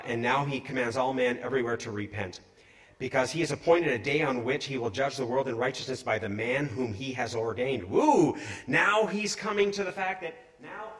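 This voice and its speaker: A middle-aged man preaching a sermon in an animated, conversational way, asking his congregation questions. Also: medium pitch.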